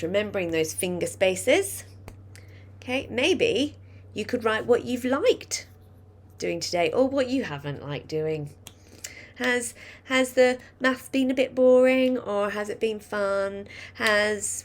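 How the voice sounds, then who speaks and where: A woman's voice: medium pitch, expressive, takes it slowly, long pauses. A woman teaching a phonics lesson, patiently dictating a sentence word by word and coaching children on spelling. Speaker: primary school teacher.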